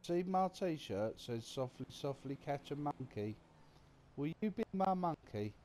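A man's voice: a little high, lively intonation, a little slow, darkish tone, a little hiss or hum. A man giving casual, crude, joking commentary over a video game, muttering as he reads things aloud. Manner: mutters while reading numbers aloud. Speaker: gaming commentator.

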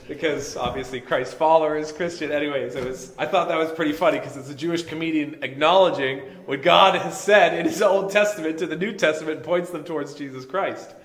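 A male pastor preaching a conversational sermon, dropping soft and low when reading scripture. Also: fairly quick, hardly any pauses, echoey room. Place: church sanctuary.

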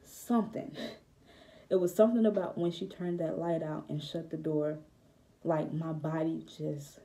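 A young woman speaks in a low, even voice, and her tone is very dark. She tells a personal testimony to the camera, hesitant and reflective, with many pauses and fillers. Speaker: vlogger.

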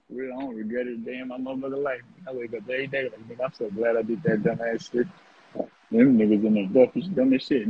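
A brash man talks in a blunt, mocking monologue full of swearing. His voice is gravelly and deeply hoarse, with a rough crackle at the bottom. It comes through thin, phone-like lo-fi audio. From North Richmond, California. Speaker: former prison inmate telling his story. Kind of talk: casual profane monologue.

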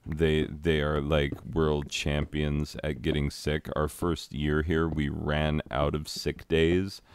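A man in his thirties, a teacher and gaming vlogger, plays a game while telling a story in rambling, self-deprecating commentary, now and then breaking into sung asides. His voice is rumbling and low, with a level tone and slow pace. The sound is clean with no echo.

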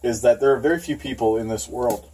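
A man co-hosting a comedy show, speaking in an earnest, measured way. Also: medium pitch, low-quality recording.

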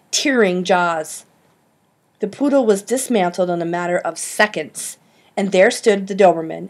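A woman narrating an audiobook with lively storytelling. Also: mid-range voice. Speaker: audiobook reader.

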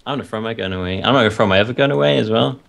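A man's voice: lowish voice, rapid-fire, gravelly, fairly bright tone. A man chatting with friends during a game, nervous and saying he is scared. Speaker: gamer playing with friends. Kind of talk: casual voice chat during gameplay.

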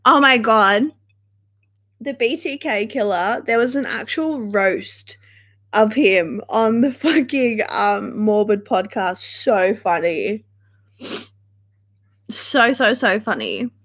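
A woman's voice: mid-range voice, lively intonation, slow pace. A young woman hosting a casual livestream, chatting in a chatty, dramatic way and swearing freely. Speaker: livestream host.

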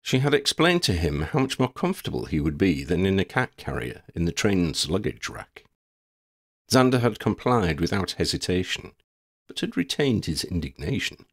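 Expressive male storybook narrator, low and animated, dry close sound. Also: moderate pace, dry recording. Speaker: audiobook narrator.

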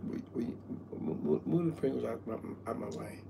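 A man's voice: medium pitch, a little fast, gravelly, dark tone, a little hiss or hum. A man in a comedy skit, stammering and repeating words as he launches into profane rants.

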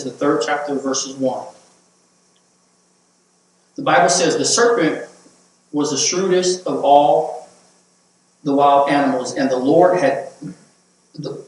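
A man preaching a sermon as pastor, repeating words as he builds to emphatic points. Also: a little high. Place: church sanctuary. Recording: echoey church hall, mic at a distance.

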